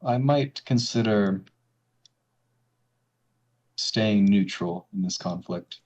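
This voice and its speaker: A man voicing a calm, measured male ninja commander in a tabletop game, speaking with hesitant pauses. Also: on the low side. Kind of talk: game master voicing a character. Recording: slightly dull lo-fi audio.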